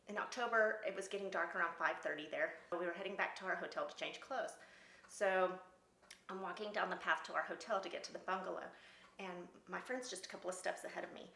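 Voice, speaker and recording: A middle-aged woman telling her own story in casual talk, lively and laughing between lines. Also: lowish voice, gravelly. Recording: roomy echo.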